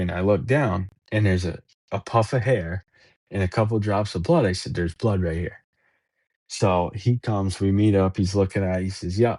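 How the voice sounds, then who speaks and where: A man with a low, husky voice tells a story in a loose, rambling way. He stumbles over and repeats words while acting out bits of dialogue. The sound is close and dry. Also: darkish tone, no echo. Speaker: podcast guest. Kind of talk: casual storytelling.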